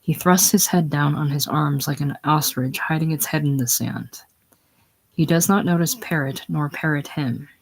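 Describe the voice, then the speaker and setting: A man's voice: a little high, moderate pace, vocal fry, breathy edge, rough recording. Man reading stage directions. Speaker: reader. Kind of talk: reading a stage play aloud.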